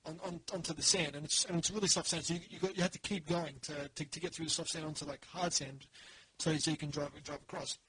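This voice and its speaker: A man's voice: on the high side, steady tone, fast, few pauses, bright, forceful tone, breathy edge, no echo, low-quality recording. An Australian man hosting a podcast, rambling through a story with many restarts in casual chat. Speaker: podcast host.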